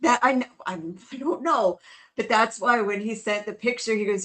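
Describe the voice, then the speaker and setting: A woman co-hosting a paranormal podcast, chatting casually, animated and laughing often between quick asides. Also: fairly high pitch. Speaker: podcast co-host.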